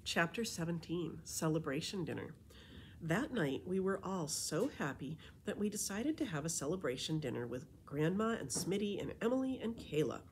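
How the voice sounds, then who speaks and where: A woman librarian reading a children's chapter book aloud in an expressive storytelling voice. Her pitch is low, yet it swings widely as she brings the story to life. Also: moderate pace, a little hiss or hum.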